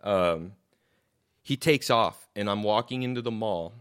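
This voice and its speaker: Deep-voiced man telling a story. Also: unhurried, clean tone. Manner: animated, swears, repeats words when excited. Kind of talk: casual storytelling. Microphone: own microphone.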